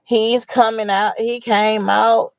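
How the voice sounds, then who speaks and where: A livestream host talking in a slow, unhurried way, animated and exclamatory, breaking into laughter as they retell what others said. The voice is mid-pitched and sits dry and close, with a slightly dull, lo-fi sound. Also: vocal fry, no room sound. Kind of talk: casual livestream commentary.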